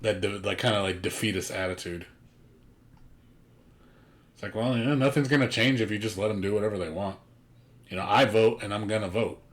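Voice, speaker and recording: A man's voice: lowish voice, brisk, pauses often. A man streaming a game, chatting casually with a blunt, profane, ranting manner. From United States. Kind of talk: casual chat.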